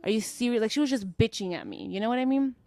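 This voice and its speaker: A woman's voice: on the high side, lively intonation, fast talker, darkish tone. A woman co-hosting a podcast, telling a story in a casual, frank way, with lots of fillers and swearing. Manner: frank and profane, with many fillers. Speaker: podcast co-host.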